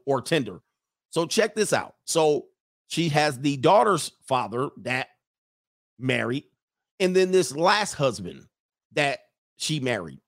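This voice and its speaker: A man's voice: on the high side, no room sound, studio quality. A man telling a story from his dating life in a casual, conversational way, often checking in with "right?". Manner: conversational, tags lines with "right?".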